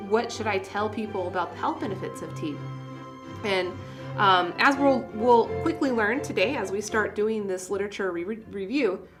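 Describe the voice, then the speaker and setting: Chatty woman on a tea stream, laughs at her own jokes, soft classical music faint behind her. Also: medium pitch. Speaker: tea seller hosting a live stream. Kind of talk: casual livestream talk.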